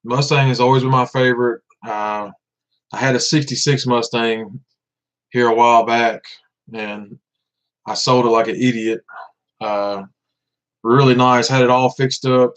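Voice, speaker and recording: A man's voice: mid-range voice, steady tone, unhurried, pauses often. A man in his thirties from Tennessee with a Southern accent, chatting casually on a livestream, laid-back and often laughing, repeating words as he goes. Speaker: vlogger. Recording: dull lo-fi sound.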